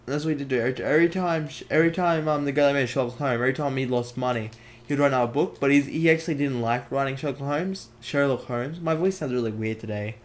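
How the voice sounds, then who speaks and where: Joking teen guy. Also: quick pace. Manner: joking, jumpy pitch. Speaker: podcast host. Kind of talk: casual chat.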